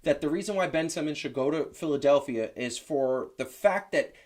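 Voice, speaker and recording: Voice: mid-range voice, normal speed. A host on a casual sports talk show, arguing his points emphatically. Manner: emphatic, animated, argumentative.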